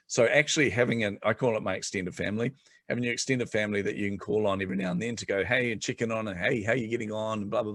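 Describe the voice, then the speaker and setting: A middle-aged man chatting on a podcast as a guest, telling animated stories and laughing often. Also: on the low side, no echo, clean studio sound. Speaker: guest entrepreneur. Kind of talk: casual podcast chat.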